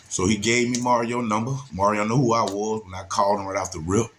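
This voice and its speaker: A man's voice: on the low side, normal speed, fairly bright tone, slight background noise. A man casually telling a story, laid-back and slangy, with many asides.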